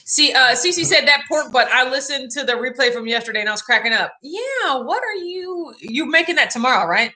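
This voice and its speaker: Chatty woman hosting a livestream, high bright voice, laughs a lot. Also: a little fast, hardly any pauses. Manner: chatty, animated, laughs often. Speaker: keto vlog host. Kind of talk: casual livestream chat.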